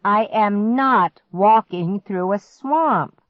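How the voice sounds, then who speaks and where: A woman voicing a nervous, whiny young boy in an audiobook, rising high and squealing when scared. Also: slow, dry recording, lightly acted. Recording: dry, slightly muffled audiobook recording.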